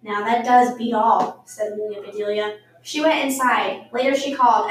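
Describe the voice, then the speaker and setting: A woman reading a children's storybook aloud, lively and acting out the voices. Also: a little high, moderate pace, slight background noise. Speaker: storybook reader. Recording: echoey room, far from the mic.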